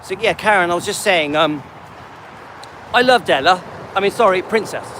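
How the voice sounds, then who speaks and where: Walking his dog during a livestream, a man in his late fifties rambles casually and greets viewers by name. His voice sits high, he speaks at a normal speed, and there's background noise.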